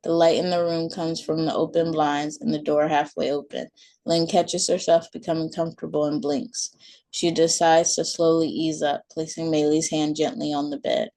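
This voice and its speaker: A woman reading her own short story aloud in a calm, soft manner. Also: sits low, normal speed. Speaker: author and storyteller.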